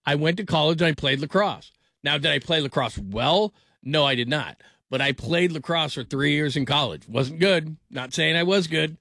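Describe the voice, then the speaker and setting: A man's voice: fairly high pitch, moderate pace, pushed and bright, dry recording, clean studio sound. Chatty rambling male radio host. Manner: rambling, repeats words, laughs easily. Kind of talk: casual call-in radio chat. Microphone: studio microphone.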